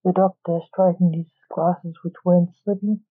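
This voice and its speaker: A woman reading her own story aloud as narrator, in an even, unhurried way. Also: on the low side, husky, dry recording. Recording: tinny phone-like audio.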